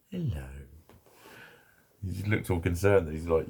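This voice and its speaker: A man's voice: low voice, expressive, slow pace, pauses often, a little mellow, a little hiss or hum. A middle-aged man, chatting casually to camera at home, swearing freely and laughing at his own stories. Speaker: vlogger.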